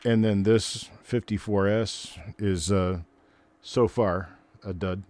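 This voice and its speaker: Low, mellow-voiced older man. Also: steady tone, slow. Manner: rambling, chatty, greets and answers viewers. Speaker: live stream host. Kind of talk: casual live stream chat.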